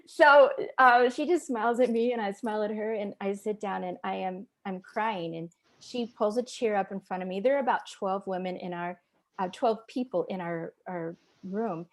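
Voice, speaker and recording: A woman speaking as a guest in an interview, sharing her own story with earnest feeling. Her voice sits at an ordinary middle pitch as she talks. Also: moderate pace. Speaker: podcast guest. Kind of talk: personal testimony in an interview.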